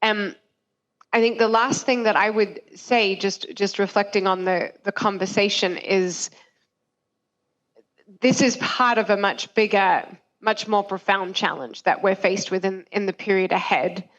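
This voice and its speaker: A woman speaking over a remote link, her voice slightly dull and muffled. She talks in an earnest, measured way with growing urgency, like a panel speaker giving closing thoughts. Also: mid-range voice, fairly even intonation, fairly bright tone. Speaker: panel speaker from humanitarian agency. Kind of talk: panel discussion remarks.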